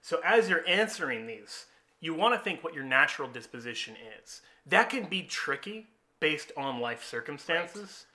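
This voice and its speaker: A man with a very bright, sharp-edged voice, talking in a casual, explanatory way. He tells stories with lively energy and breaks into chuckles often. His pitch sits a little high for a man. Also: normal speed. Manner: animated storyteller, chuckles often. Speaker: host explaining personality types.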